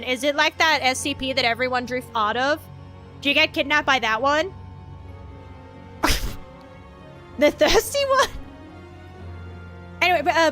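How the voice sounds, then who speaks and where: Giggly, sweary high-voiced woman streamer. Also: bright, forceful tone. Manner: giggly and sweary, chats with viewers between lines. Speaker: vtuber streamer. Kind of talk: casual reading of horror stories on a stream.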